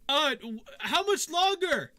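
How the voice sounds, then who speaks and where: A man's voice: extremely high pitch, lively intonation, takes it slowly, pushed and bright, pitched above the performer's own voice, heavily acted. A man voicing a flustered, easily confused male gate guard who yelps his lines in a jumpy voice.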